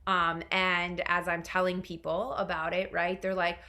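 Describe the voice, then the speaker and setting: A woman's voice: fairly low pitch, monotone, normal speed, hardly any pauses, sharp tone. A woman leadership coach answering a question in a Q&A, chatty and full of "right?" and "like". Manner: chatty, many fillers like "right?" and "like".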